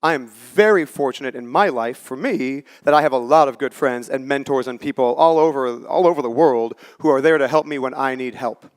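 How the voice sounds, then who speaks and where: A man's voice: medium pitch, a little fast, hardly any pauses. A man in his forties giving a conversational, story-driven talk on a conference stage and acting out the lines he quotes. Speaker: conference speaker. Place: conference stage before a live audience.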